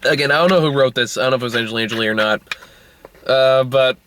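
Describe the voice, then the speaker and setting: A man ranting through a casual movie review, exasperated and profane, often jumping into high, incredulous outbursts. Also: fairly quick, pauses often, fairly bright tone, slight background noise.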